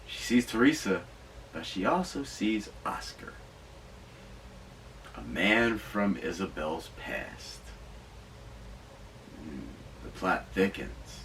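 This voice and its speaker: Excitable low-voiced man riffing, mic distant. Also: unhurried, a little hiss or hum. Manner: excitable, profane, rambling with asides. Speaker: podcast host reviewing movies. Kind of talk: casual riffing commentary.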